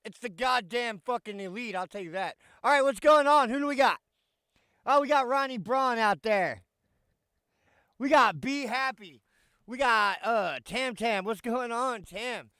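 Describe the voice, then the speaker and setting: A man's voice: very high voice, lively intonation, measured pace, pushed and bright, clean tone, no echo, studio quality. A man hosting a casual live stream, swearing freely, greeting his chat by name and griping at tech trouble. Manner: brash, swearing, talks to chat; irritated, muttering while fixing stream.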